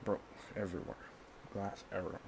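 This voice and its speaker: A man speaks straight to the camera in a loose, casual monologue. His voice sits low and gravelly, and he keeps circling back over the same words in an agitated way. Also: flat delivery, fast talker, noisy background. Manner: agitated, repeats himself. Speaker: vlogger.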